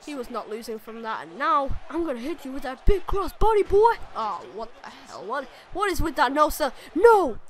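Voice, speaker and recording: A woman commentating her own wrestling video game match, excitable and swearing, exclaiming at every move. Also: high-pitched, moderate pace, hardly any pauses. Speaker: gaming channel host. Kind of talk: let's play commentary.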